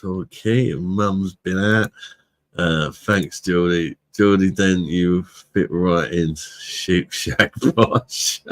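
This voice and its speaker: Deep-voiced British man chatting live. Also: fairly even intonation, extremely slow. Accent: British English. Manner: laid-back, chatty, laughs often, swears freely. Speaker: livestream host, beer reviewer. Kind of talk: casual live-stream chat.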